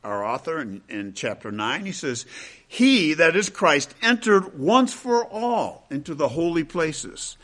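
A man preaching an expository sermon, quoting scripture at length in a measured cadence and slowing to stress key phrases. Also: a little high, bright, forceful tone. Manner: deliberate, emphatic, with slowed stresses on key phrases.

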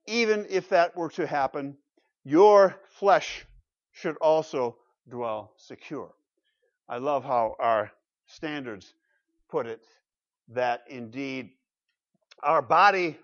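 Emphatic preaching man, lo-fi recording. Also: fairly high pitch. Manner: emphatic preaching with swelling loud peaks and quieter asides. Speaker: pastor. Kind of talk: sermon. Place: church.

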